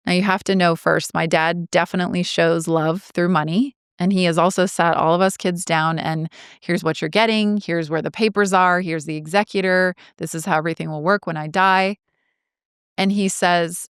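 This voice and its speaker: A woman in her forties telling a personal story as a podcast host, earnest and reflective, slowing down on key phrases. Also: lowish voice, steady tone, clear, resonant tone, dry recording, studio quality. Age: 40s.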